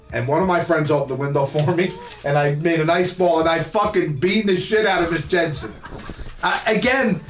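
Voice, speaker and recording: A man's voice: a little high, a bit bright. An older man telling childhood stories in a rambling, profane, laughing way as a podcast host. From New Jersey. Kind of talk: casual storytelling. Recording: roomy echo, mic at a distance, faint music.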